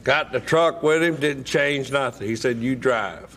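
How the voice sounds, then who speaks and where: A man telling a wry, deadpan story from his own life at a recovery meeting. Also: medium pitch, normal speed, gravelly, noisy background. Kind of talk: humorous personal storytelling.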